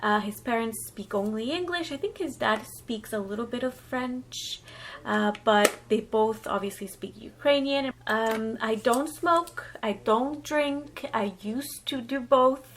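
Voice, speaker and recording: A woman in her thirties, talking through a chatty get-ready-with-me vlog with lots of fillers, emotional and warm toward her viewers. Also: on the high side, measured pace, slight background noise. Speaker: beauty vlogger.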